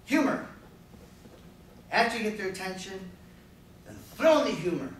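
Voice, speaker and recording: A man giving a jokey talk on sales to a live audience, lively and slipping into silly voices. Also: high-pitched, moderate pace. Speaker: sales speaker. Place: room with an audience. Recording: echoey room from a distance, faint noise.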